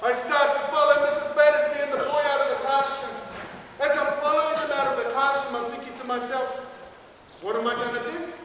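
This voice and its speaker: A man tells a story to a room of schoolchildren, high in pitch and dramatic, swelling into loud bursts. He sounds far from the microphone in a big hall, with long reverb and a faint hum of ambience. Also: fast talker. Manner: dramatic, animated, builds to loud outbursts. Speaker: author and motivational speaker.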